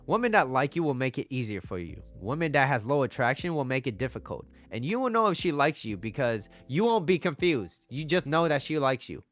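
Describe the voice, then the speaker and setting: A man's voice: medium pitch, fairly quick, hardly any pauses. A man coaching on dating over slides, casual and joking as he talks. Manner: joking and animated.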